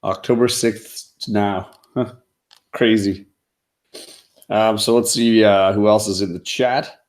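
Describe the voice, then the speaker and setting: A man's voice: on the low side, steady tone, takes it slowly. A man hosting a casual comics livestream from home, rambling with lots of fillers. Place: home, in front of a comic display.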